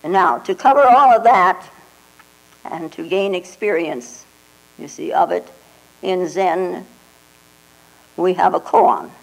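Older woman, zen teacher, dharma talk, very slow, reflective asides, mains hum. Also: lowish voice, expressive, gravelly, breathy edge, low-quality recording. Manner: slow, reflective, with frequent "you know" and "huh?" asides. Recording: 1989 tape with mains hum.

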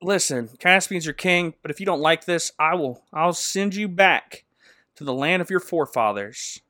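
A man's voice: fairly high pitch, animated, normal speed, bright, forceful tone, dry recording, clean studio sound. A man voicing a blunt, slangy male lion king in a casual comedy recap. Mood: lecturing.

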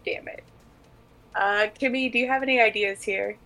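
A woman's voice: a little high, steady tone, normal speed, sharp tone, low-quality recording. A woman playing in a tabletop game, talking hesitantly with frequent fillers. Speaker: player.

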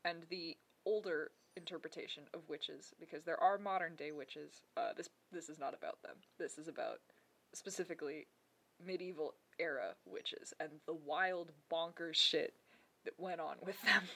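A woman's voice: sits low, normal speed, fairly bright tone. A woman co-hosting a folklore podcast in casual, chatty talk with frequent laughs and rambling asides. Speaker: podcast co-host.

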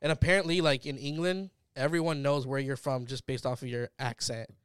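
A man in a casual chat, relaxed and hesitant, often trailing off softly. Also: mid-range voice, fairly quick, clean tone, no echo, clean studio sound.

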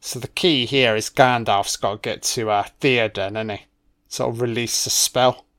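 A man's voice: medium pitch, fairly even intonation, moderate pace, fairly bright tone. A man giving a casual, profane running commentary on a film, making admiring asides as he watches.

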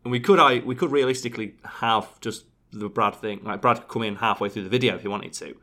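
Man, young, lowish voice, bright tone, jokey, casual chat. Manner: fast, animated, jokey storyteller. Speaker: YouTube channel co-host.

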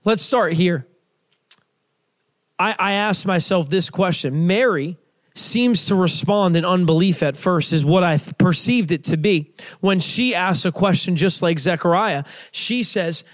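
High-voiced young man preaching casually. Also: a little slow, a bit bright. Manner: casual, conversational preaching with many fillers and restarts. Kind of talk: sermon.

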